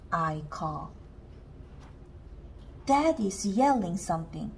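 A woman reads a children's storybook aloud, very slowly and deliberately. Her voice sits fairly high and swings up and down with lots of expression. A faint hiss is heard behind her. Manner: slow, careful, expressive reading. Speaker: storybook reader. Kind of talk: children's book read-aloud.

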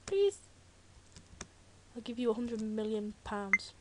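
A woman's voice: on the high side, moderate pace. Chatty British teen girl gamer. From Britain. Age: teens. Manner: chatty, jokey, rambling asides. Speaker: Let's Play gamer. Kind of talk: casual game commentary. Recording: loud keyboard typing noise. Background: loud keyboard clicks and typing.

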